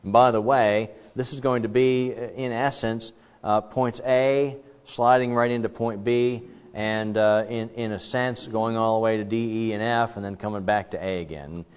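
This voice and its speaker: A man preaching a conversational sermon, now and then rising to animated rhetorical questions. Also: lowish voice, normal speed, clear, resonant tone. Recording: dull, reverberant hall sound.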